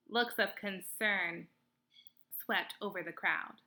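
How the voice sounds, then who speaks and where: A woman narrating a children's novel aloud in an expressive, clear storytelling manner. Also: lowish voice, slow. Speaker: read-aloud host.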